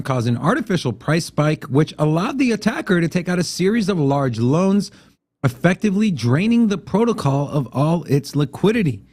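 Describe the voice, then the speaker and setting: A man walks through a news item in an easygoing, chatty way. His voice sits a little high and moves lively up and down as he reads and comments. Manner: conversational, explaining and reading out quotes. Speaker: co-host.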